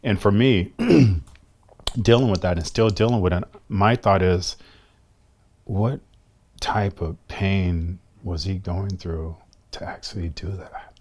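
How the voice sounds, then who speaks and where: A middle-aged man from the United States, a guest telling a personal story in a halting, reflective way. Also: sits low, darkish tone. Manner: halting, reflective, slows down often.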